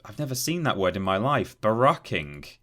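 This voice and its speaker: Bright-voiced man reading gaming news. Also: fairly low pitch, expressive, fairly quick. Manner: reads news aloud, stumbles and laughs at words. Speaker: podcast co-host. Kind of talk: casual podcast news chat.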